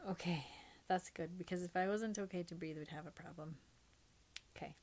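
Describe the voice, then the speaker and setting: A woman with a fairly low voice co-hosts a casual podcast. She is playful and teasing and laughs often. A lingering cough leaves her a little short of breath. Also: fairly even intonation, moderate pace, a little mellow. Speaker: podcast co-host reading listener mail. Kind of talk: casual chat.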